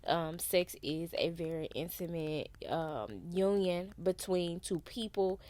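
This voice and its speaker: A woman giving a casual, unhurried tarot reading in a conversational style, using loose slang. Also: lowish voice, a little mellow. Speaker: tarot reader.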